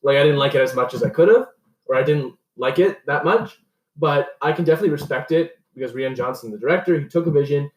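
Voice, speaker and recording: A young man co-hosting a casual podcast, giving opinions with halting restarts. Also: fairly high pitch, recorded from a distance. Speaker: podcast co-host. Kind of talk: casual chat. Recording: echoey room, set back from the mic.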